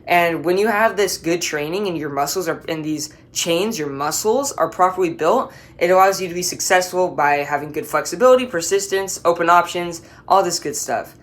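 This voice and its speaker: A woman's voice: on the low side, moderate pace, hardly any pauses. A woman giving a class presentation as a student, explaining with playful analogies and talking straight to the listener.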